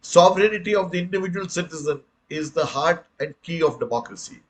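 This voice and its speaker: A man's voice: a little high, brisk, rough recording. An older man from India with an Indian English accent, giving a public lecture in an earnest, emphatic way and addressing listeners as friends. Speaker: speaker on the right to information, retired commissioner.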